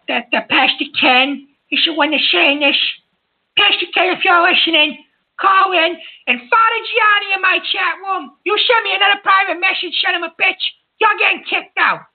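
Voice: very high voice, gravelly, full character voice. A performer voicing a hot-tempered uncle who hosts a call-in show and scolds and hangs up on callers. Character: excitable Italian-American uncle, a man. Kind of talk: prank call-in radio banter. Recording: tinny phone-line sound.

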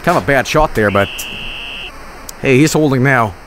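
A man streaming a hockey video game, commenting live, swinging from low grumbling to loud yelling and cursing at the game. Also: moderate pace, background noise.

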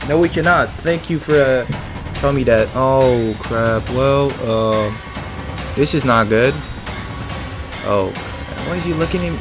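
A young man giving panicky let's-play commentary on a horror game, yelping and shouting when scared. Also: medium pitch, a little slow. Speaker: gaming streamer. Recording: game music playing loudly behind.

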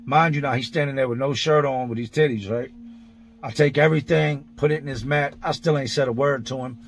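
This vlogger talks through his prison experiences blow by blow, casual and blunt, swearing and using plenty of street slang. He speaks fairly quickly at medium pitch with fairly even intonation.

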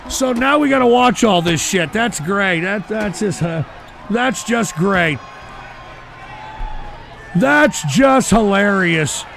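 A man hosting a live stream, ranting in a profane, exasperated way and shouting often. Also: high voice, expressive, slow pace, gravelly, long pauses, a little hiss or hum. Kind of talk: live-stream commentary rant. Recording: stream with loud music and crowd behind.

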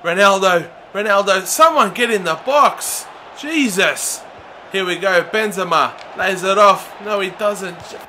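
A young man giving excitable, often shouted commentary while playing a football video game. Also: sits high, a little slow, a little hiss or hum. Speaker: gaming YouTuber.

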